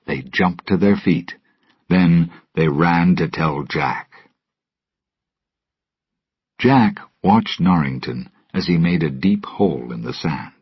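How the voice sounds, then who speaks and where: Storybook narrator: man, deep and raspy, slow and deliberate, dry lo-fi sound. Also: no echo. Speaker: storybook reader. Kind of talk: graded-reader story narration for English learners. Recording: dull lo-fi recording.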